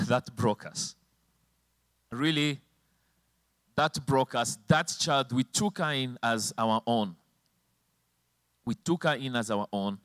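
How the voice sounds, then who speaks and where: A man's voice: mid-range voice, slow pace, long pauses, fairly bright tone, dry recording. A male preacher telling a personal testimony in a sermon, emotional, his voice rising and falling sharply. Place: church with slides and a helper at the computer.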